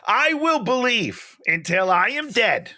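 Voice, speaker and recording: Wry, animated man with a bright voice. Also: very high-pitched, dry recording, studio quality. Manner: joking and wry, quick to laugh. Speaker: podcast co-host. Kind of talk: casual movie recap chat.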